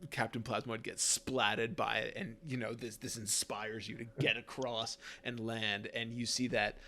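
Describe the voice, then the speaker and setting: Gravelly-voiced man running a tabletop game. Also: medium pitch, little pitch movement, a little slow, sharp tone, slight background noise. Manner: rambling, with many fillers and laughs. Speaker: game master.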